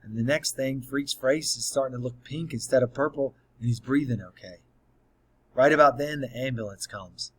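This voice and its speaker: A man's voice: medium pitch, normal speed, slightly rough, low-quality recording. A man narrating an audiobook in the first person, telling the story in a plain, earnest way.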